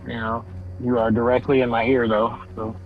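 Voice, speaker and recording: A man's voice: mid-range voice, little pitch movement, normal speed, faint music behind. A man co-hosting a podcast, chatting in a laid-back way with dry teasing. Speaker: podcast co-host. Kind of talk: casual chat. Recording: dull lo-fi sound.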